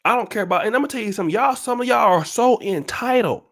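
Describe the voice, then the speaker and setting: A man's voice: sits high, expressive, fast, creaky, a bit bright. A man hosting his own channel, ranting at viewers in an emphatic, profane, repetitive, preachy way. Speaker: channel host.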